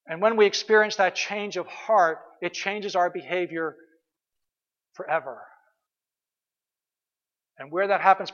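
A man's voice: high-pitched, fairly bright tone, long reverb tail, lo-fi sound. A man pastor giving an earnest, conversational sermon with emphatic repeated phrases.

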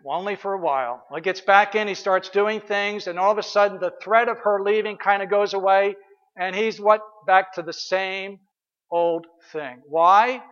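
A man's voice: high-pitched, steady tone, a little slow, a bit bright, big-room sound, lo-fi sound. A man pastor giving an earnest, conversational sermon with emphatic repeated phrases.

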